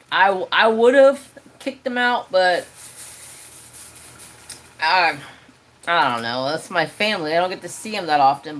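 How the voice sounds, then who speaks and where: A man's voice: fairly high pitch, fairly bright tone, poor audio. A man hosting a casual crafting livestream from his home craft room, rambling loosely and swearing now and then.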